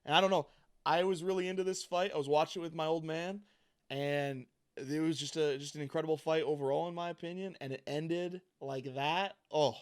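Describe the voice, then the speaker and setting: An upbeat male podcast co-host with a somewhat high voice. He talks casually, laughs often and builds excitement around what he describes. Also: a little fast, clear, resonant tone. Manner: upbeat, laughing, hypes things up. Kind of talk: casual sports chat.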